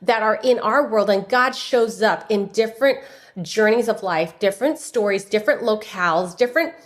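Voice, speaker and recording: A woman from San Francisco, a guest author, telling her personal story in a podcast interview with lively delivery and frequent restarts. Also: medium pitch, normal speed. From United States (San Francisco). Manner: animated, acts out dialogue, frequent restarts.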